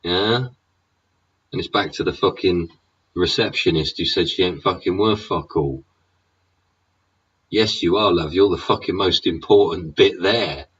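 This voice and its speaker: A man's voice: sits low, a little slow, pauses often, fairly bright tone, breathy edge, far from the mic. An English man in a sweary, sneering political rant, throwing in "yeah?" and "innit?" as he goes. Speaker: vlogger. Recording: dull sound, away from the mic.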